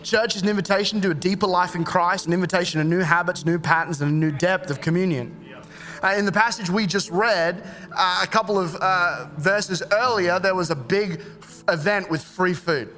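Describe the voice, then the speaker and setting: A man, preaching a sermon in a relaxed, joking way and acting out short quoted exchanges. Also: a little high. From Australia. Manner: conversational and jokey, acts out quick quoted exchanges. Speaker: pastor.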